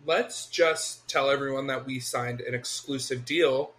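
A man co-hosting a casual chat podcast, animated and quick to laugh, swearing freely. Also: medium pitch. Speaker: podcast co-host.

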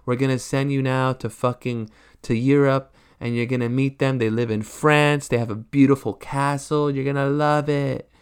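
A man's voice: mid-range voice, steady tone, moderate pace, clear, resonant tone, pitched above the performer's own voice, lightly acted. A man voicing a sly orphanage worker who speaks in a coaxing, falsely sweet voice.

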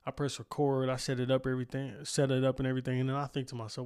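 Through a studio mic in his home studio, a young podcast host wraps up his solo show with a casual outro. His medium-pitched voice is smooth and darkish, completely flat in delivery, very fast with hardly any pauses, and he rambles, swears freely, jokes at his own expense, and laughs often.

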